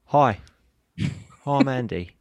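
A man co-hosting a wedding podcast in a relaxed, jokey way, reading the outro. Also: mid-range voice, slow pace, dry recording, highs cut off. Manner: jokey, does voices. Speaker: podcast co-host. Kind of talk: casual podcast chat.

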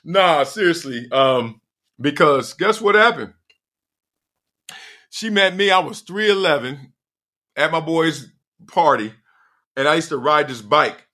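A middle-aged man hosts a casual podcast on his own, spinning stories with loose slang and frequent laughter. His voice is bright and forceful, and his pitch swoops lively up and down. He talks like he is chatting with old friends. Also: unhurried, long pauses. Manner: animated storyteller, slangy, laughs often. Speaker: podcast host. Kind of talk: casual solo podcast monologue.

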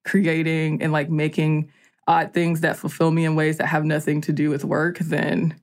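A woman's voice: low voice, monotone, normal speed. A woman from the American South, co-hosting a podcast in casual chat, with lots of "like" fillers and easy laughter. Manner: chatty, many "like" fillers, laughs easily. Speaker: podcast co-host.

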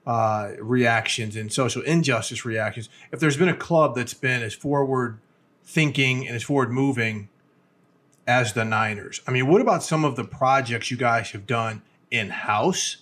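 A man's voice: medium pitch, a little slow, a bit bright. A man hosting an interview, asking direct, long-winded questions of his guest. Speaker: interview host.

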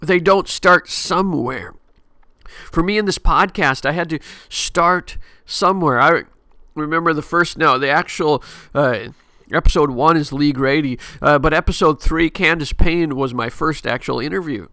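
A middle-aged man talks through a casual devotional podcast episode, rambling and correcting himself as he goes. His voice is bright and forward, recorded close and dry with no room sound. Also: a little high, moderate pace, no echo. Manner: chatty, rambling, frequent fillers and self-corrections. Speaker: podcast host.

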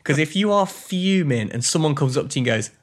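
A podcast co-host with a slightly higher voice and a very lively pitch. He muses on the story in casual chat and laughs easily. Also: brisk. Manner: warm, reflective, laughs easily.

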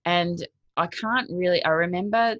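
A woman's voice: on the low side, moderate pace, no echo. A woman, a cold-water swimmer, retelling her experience in a casual interview, acting out what people said to her. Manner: lively retelling, acts out quotes, laughs between thoughts. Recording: dull lo-fi, dry sound.

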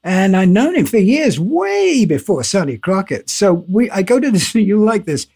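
An older man, a guest in a casual interview, telling animated anecdotes with laughs and swearing. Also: high voice, normal speed, husky.

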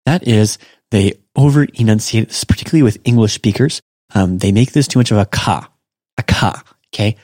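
Male podcast teacher, lowish voice, dry close sound, relaxed explainer. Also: fairly quick, no room sound. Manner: relaxed, explanatory, talks through examples. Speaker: language teacher and podcast host. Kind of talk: casual podcast lesson.

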